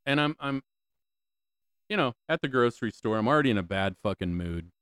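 A man's voice: medium pitch, animated, brisk, a bit bright, smooth, no room sound. A man hosting a solo podcast, ranting with lots of swearing, repeated questions and stammering restarts, on a close mic. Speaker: podcast host.

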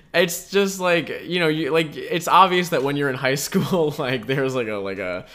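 A man's voice: a little high, measured pace, pushed and bright. A young man co-hosting a podcast, rambling and laughing through loose, profane stories in casual chat. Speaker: podcast co-host.

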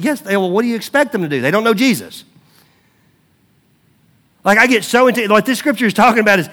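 Man, middle-aged pastor, sermon, lively storytelling preaching, fairly high voice. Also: a little fast. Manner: animated, conversational preaching with storytelling asides.

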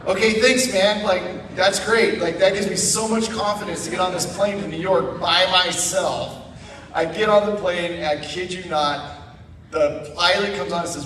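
A man's voice: high voice, a little slow, echoey room, in a large hall, recorded from a distance, a little hiss or hum. A man from Idaho, a guest speaker, telling a funny personal story to a church congregation and acting out the voices in it. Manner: animated, self-mocking storyteller acting out quotes. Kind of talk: storytelling sermon. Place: church sanctuary.

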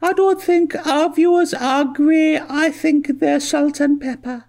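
A man voicing a gushing female co-host in a shrill falsetto, cooing his lines. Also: fairly even intonation, slow, vocal fry, darkish tone, exaggerated voice.

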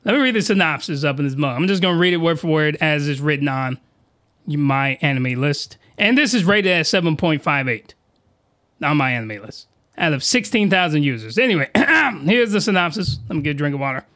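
A man hosting a solo podcast, ranting in slangy, excitable bursts and shouting when he gets worked up, close to his desk microphone. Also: on the high side, a little fast. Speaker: podcast host reviewing anime. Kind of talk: animated solo podcast rant.

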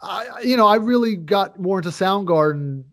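A man's voice: high-pitched, expressive, moderate pace, a bit bright. A man co-hosting a casual podcast, rambling and joking through his points with many fillers and restarts. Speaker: podcast co-host. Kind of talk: casual chat.

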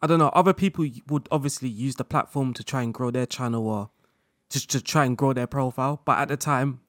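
A man speaking as a guest in a casual interview chat, relaxed, laughing often and talking in loose run-on sentences full of fillers. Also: mid-range voice, fairly quick, no echo, clean studio sound. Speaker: guest content creator.

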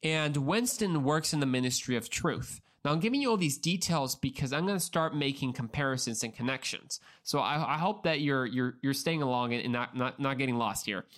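A man hosts a solo podcast in a voice of middling pitch. He speaks earnestly and conversationally, addressing the listener directly and often stumbling over and repeating words as he explains. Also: expressive, brisk, hardly any pauses, fairly bright tone. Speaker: podcast host.

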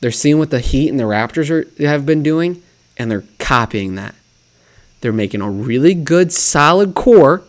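Animated man hosting a sports show. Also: a little high, normal speed. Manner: animated, self-mocking, rhetorical questions. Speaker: sports podcast host. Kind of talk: solo sports commentary.

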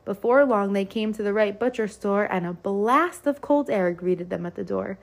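A woman's voice: mid-range voice, normal speed, gravelly. A woman reading a rhyming children's picture book aloud in a lilting rhythm. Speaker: storyteller.

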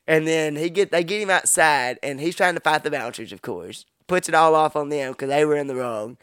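A man's voice: a little high, brisk, fairly bright tone, smooth, dry recording, clean studio sound. A man co-hosting a podcast, telling a profane story in casual chat and acting out what people said. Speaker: podcast co-host.

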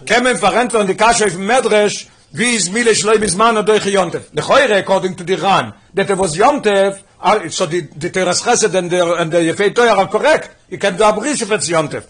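Man, Torah teacher: high, husky voice, rapid-fire explanation with lots of Hebrew and Yiddish terms. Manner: rapid, mixing English with Hebrew and Yiddish terms, animated questioning. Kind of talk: Talmudic lesson explaining Midrash.

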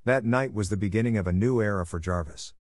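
A man narrating a classic novel in even, unhurried storytelling. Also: fairly low pitch, no echo, studio quality. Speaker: audiobook narrator. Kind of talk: scripted narration.

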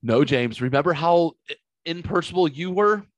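A man in his forties spins a story in a casual podcast chat. He acts out every line of dialogue with big swings in pitch and drops curse words freely. The room sounds close and dry. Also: normal speed, no echo, muffled recording. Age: 40s. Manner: animated storyteller, acts out quotes, swears freely. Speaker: podcast co-host.

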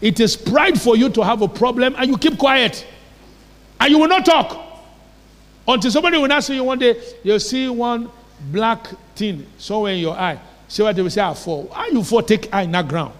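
A man preaches with emphatic conviction, repeatedly checking whether his congregation has understood him. His voice sits high for a man. The sound carries the long reverb of a church hall. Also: expressive, normal speed. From Nigeria. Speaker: pastor. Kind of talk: sermon.

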